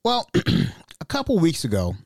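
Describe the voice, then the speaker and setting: Animated male podcast host, dry sound. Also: fairly high pitch, measured pace, dry recording. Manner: animated, exasperated retelling. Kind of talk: casual storytelling.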